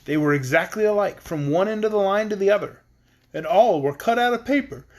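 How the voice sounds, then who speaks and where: Guy reading a kids story, pretty high voice, bouncy delivery. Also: animated, a little fast, darkish tone. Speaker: audiobook reader. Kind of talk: storybook narration.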